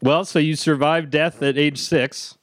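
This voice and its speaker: Podcast host guy, dry jokes, kinda high voice, dead dry room sound. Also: fairly even intonation, a little slow, no echo. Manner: dry, wry remarks. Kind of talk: casual interview chat.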